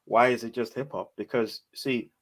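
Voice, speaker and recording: A man's voice: medium pitch, steady tone, moderate pace. A man co-hosting a podcast, pressing the others with questions in an argumentative casual debate. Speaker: podcast co-host.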